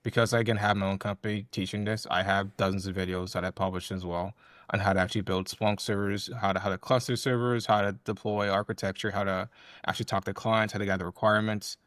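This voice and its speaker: A man's voice: on the low side, level tone, quick pace, fairly bright tone, dry recording, clean studio sound. A man in his twenties co-hosting a podcast, talking bluntly and rambling, with many "um"s and "like"s. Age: 20s. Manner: blunt, rambling, frequent fillers. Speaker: podcast co-host. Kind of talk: casual podcast conversation.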